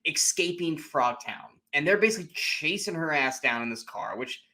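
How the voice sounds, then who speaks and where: Animated man recapping a movie. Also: on the high side, moderate pace. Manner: animated retelling, acting out characters' lines. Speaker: podcast co-host. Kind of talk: casual movie recap chat.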